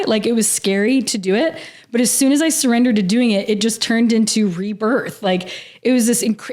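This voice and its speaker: A woman with a medium-pitched, darkish voice appears as a podcast guest in a casual interview. She tells a personal story earnestly and emotionally, saying "like" constantly.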